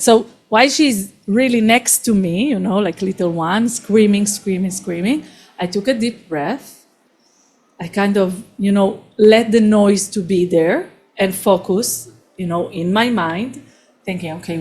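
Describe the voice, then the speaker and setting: A woman in her thirties teaching an online class, telling stories in a lively way and laughing often. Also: mid-range voice. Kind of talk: class Q&A storytelling. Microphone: video call.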